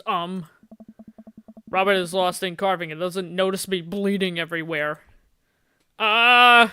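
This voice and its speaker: Playful male let's-play host, smooth crisp voice, dry close sound. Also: sits high, dry recording. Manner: playful, excitable, jokey. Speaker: gaming channel host. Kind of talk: let's play commentary, reading game text.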